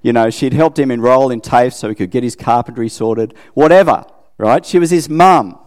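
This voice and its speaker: A middle-aged Australian man delivers a relaxed, conversational sermon at an ordinary, mid-range pitch. He talks the way he would to friends, checking in with his listeners as he goes and joking at his own expense. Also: moderate pace, big-room sound. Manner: chatty, self-deprecating, asks listeners questions. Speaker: preacher.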